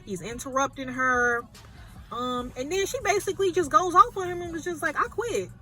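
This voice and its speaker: A woman movie reviewer retelling a film plot in an animated, chatty way. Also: sits high, normal speed. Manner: animated, chatty storytelling with fillers.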